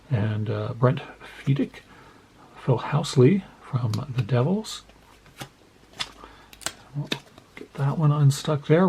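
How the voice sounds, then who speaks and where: Gravelly, mellow-voiced man opening card packs. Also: mid-range voice, a little hiss or hum, rough recording. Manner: chatty, self-deprecating, reads card names aloud. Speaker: card collecting channel host. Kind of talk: casual pack-opening commentary.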